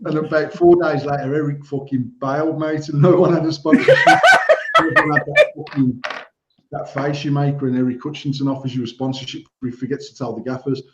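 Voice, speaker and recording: A man co-hosting a casual podcast chat, animated and swearing, laughing often. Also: a little high, fast talker, heavy background noise. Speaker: podcast co-host. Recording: roomy, dull lo-fi sound.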